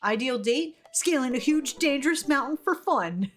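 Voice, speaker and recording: A woman's voice: sits high, lively intonation, moderate pace, a bit bright, slight background noise. A woman streamer giving casual commentary on a game, laughing often and reading chat aloud.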